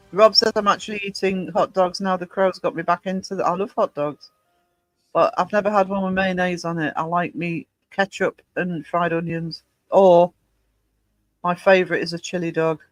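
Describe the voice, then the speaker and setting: A woman from Northumberland with a soft Northumbrian English accent, chatting casually as a podcast co-host, blunt and quick to swear. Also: on the low side, steady tone, no room sound, faint music behind, low-quality recording. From Northumberland, England. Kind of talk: casual chat.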